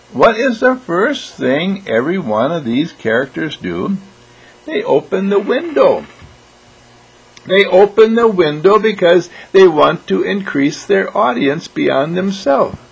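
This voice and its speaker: A man giving a motivational talk, animated and often clearing his throat. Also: a little high, rough recording. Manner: animated, acts out quoted voices. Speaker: motivational speaker.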